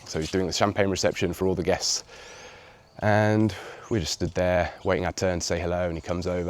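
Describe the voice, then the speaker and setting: An English man tells a personal story for his video channel, his voice sitting a little low. He speaks reflectively and grows lively when he quotes other people. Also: a little fast. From England. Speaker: vlogger.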